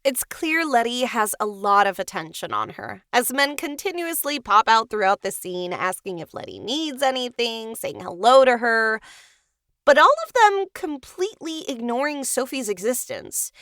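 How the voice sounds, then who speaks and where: A woman's voice: fairly high pitch, big pitch swings, moderate pace, fairly bright tone, no room sound, studio quality. A woman co-hosting a podcast, recapping a film in a chatty, playful way. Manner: chatty and playful, cheering the heroine on. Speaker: podcast co-host. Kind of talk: reading a film recap, with asides.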